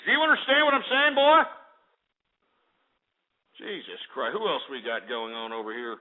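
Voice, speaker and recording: Ranting high-voiced male radio host. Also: very animated, normal speed. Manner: loud, insulting, ranting. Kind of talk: abrasive call-in radio talk. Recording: lo-fi phone-quality internet radio.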